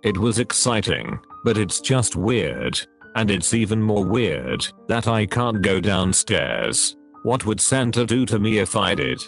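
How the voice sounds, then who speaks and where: A text-to-speech male voice narrating a horror story in a flat, even delivery. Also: fairly low pitch, measured pace, creaky, faint music behind.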